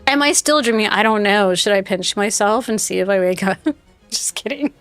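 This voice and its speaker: A woman's voice: medium pitch, moderate pace, a bit bright, no echo, soft background music. A woman streaming a game live, telling a rambling story in casual chat and talking back to her viewers. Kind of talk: casual chat while playing.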